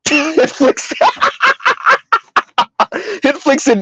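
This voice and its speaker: High-voiced laughing man, lo-fi dry sound. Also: big pitch swings, drawn-out words, pauses often, slightly rough, no room sound. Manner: laughing often, repeating words, asking "right?". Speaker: livestream host. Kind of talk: casual livestream commentary reading chat.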